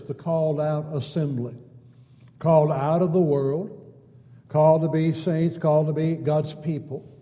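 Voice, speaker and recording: Mellow-voiced preacher in a reverberant church. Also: male voice, on the high side. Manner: repetitive, building phrases with folksy asides. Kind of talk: sermon. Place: church sanctuary. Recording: long church hall reverb.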